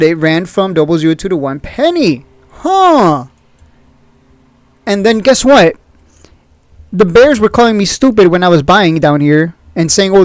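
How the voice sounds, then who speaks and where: A man's voice: high-pitched, no echo. A blunt, opinionated man talks through stock picks with a slightly raised voice and a sarcastic edge. He is recorded close and dry, with no room sound at all. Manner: blunt, opinionated, sarcastic, often laughs at critics. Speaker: stock market video host. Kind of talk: casual trading commentary.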